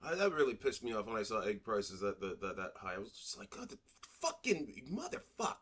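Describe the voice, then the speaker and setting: A man's voice: fairly low pitch, lively intonation, fast, a bit bright. Crude, joking male podcast co-host. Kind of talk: casual political commentary.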